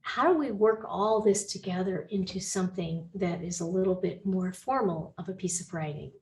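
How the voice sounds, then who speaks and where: Woman lecturer, relaxed, lower voice. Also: normal speed. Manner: thinking aloud, restarts, gentle reassurance. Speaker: instructor. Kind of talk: recorded lecture over slides.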